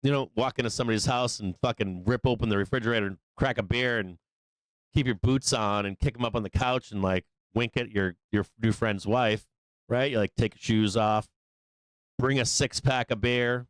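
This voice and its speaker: A man's voice: fairly even intonation, moderate pace, dry recording. A man hosting a live stock trading show, giving casual, profane advice and joking around. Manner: profane, joking, acts out little scenes in higher voices. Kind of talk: casual rambling advice to viewers.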